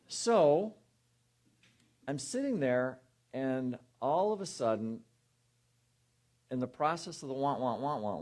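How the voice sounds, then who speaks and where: A man preaching as a guest minister, telling a personal story to a congregation and quietly acting out the inner voices in it. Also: medium pitch. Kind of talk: sermon storytelling.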